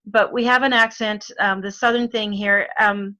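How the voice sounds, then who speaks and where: A woman's voice: mid-range voice, fairly even intonation, normal speed, bright, forceful tone. A middle-aged woman from Arizona with an Arizona accent, chatting as a guest, with lots of fillers and frequent laughs. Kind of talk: casual chat.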